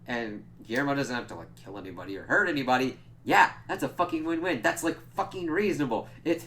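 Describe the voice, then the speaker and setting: A man giving a casual spoiler review, excitable and profane, with many filler words. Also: medium pitch, fast. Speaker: TV episode reviewer.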